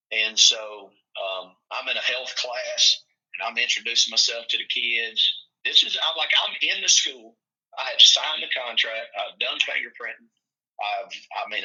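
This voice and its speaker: Folksy storytelling man, bright lo-fi voice. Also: fairly low pitch. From Tennessee. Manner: folksy, animated storyteller acting out quotes. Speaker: football coach. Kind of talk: casual storytelling chat.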